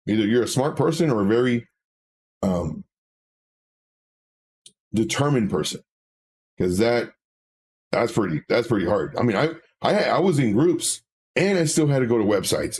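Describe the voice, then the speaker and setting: A man talks casually and candidly on a live stream, reading viewer comments aloud. His voice is slightly husky, with a pitch that swings up and down. He often restarts his sentences. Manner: animated, candid, with filler words and self-corrections.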